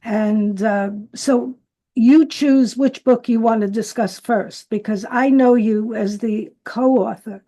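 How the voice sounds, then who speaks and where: A woman's voice: a little high, steady tone, slow pace, dark tone. A woman hosting an interview, effusive and chatty, with many fillers. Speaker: interview host. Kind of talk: casual video interview.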